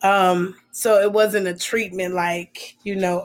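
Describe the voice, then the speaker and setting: A woman's voice: mid-range voice, little pitch movement, takes it slowly. A woman co-hosting a podcast in casual chat, candid and storytelling, often repeating her words. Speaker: podcast co-host.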